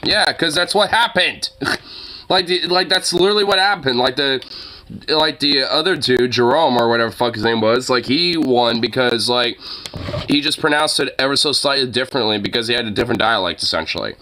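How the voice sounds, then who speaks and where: A man's voice: mid-range voice, brisk, bright, forceful tone, slight background noise. A young man reacting to news clips in a casual, exasperated way, swearing a lot and rambling with fillers. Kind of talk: casual profane reaction commentary.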